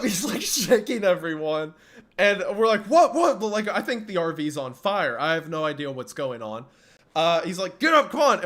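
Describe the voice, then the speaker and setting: A man casually telling a family story, animated and laughing often, acting out quoted lines loudly. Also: fairly high pitch. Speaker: streamer.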